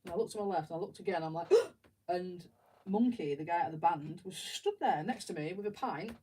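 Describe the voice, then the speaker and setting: A middle-aged Englishwoman streams as she builds, chatting away, spinning rambling stories and laughing a lot. Her voice is fairly low, fairly quick, dark and husky. The low-quality recording catches her from a distance, a bit away from the mic.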